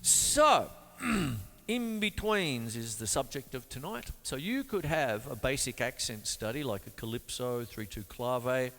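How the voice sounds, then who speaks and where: A man from Australia teaching drums in a relaxed, chatty way, now and then scatting rhythms. His voice sits in a middling register and rings with a long hall reverb. Loud drum playing fills the space around him. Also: medium pitch, a little slow, gravelly, music in the background. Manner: chatty, loose explanations with sung beat syllables. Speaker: drum teacher and show host. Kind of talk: casual drum lesson demonstration. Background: drum kit playing.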